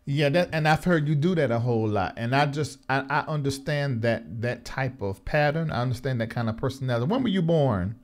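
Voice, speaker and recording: A man hosting a talk show, probing his guest with expressive questions. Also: medium pitch, brisk, few pauses.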